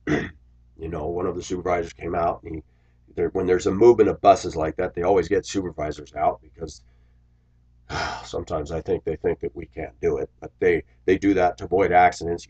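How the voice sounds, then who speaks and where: A man, a bus driver telling a casual, animated story and acting out the voices of others. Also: low-pitched, husky. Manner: animated, acts out quoted voices. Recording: dull lo-fi sound.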